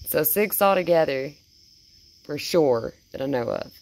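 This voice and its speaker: A woman talking casually and cooing praise in a soft, baby-talk tone, outdoors at night. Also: low-pitched, animated, moderate pace, slight background noise. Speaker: vlogger. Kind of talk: casual talk to a wild animal.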